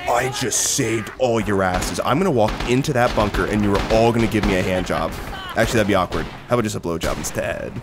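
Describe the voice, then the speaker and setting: A young man doing casual, excitable gameplay commentary, rambling, swearing and laughing between remarks. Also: on the low side, quick pace, music in the background. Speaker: gaming commentator. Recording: noisy with game gunfire behind. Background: gunfire and artillery from the game.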